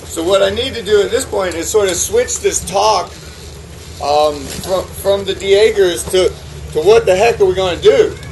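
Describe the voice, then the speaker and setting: A man's voice: high-pitched, normal speed, gravelly, darkish tone, slight background noise, poor audio. A man giving a passionate talk to a live audience about farming, who keeps throwing rhetorical questions at the crowd. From New England. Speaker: farmer giving a conference talk.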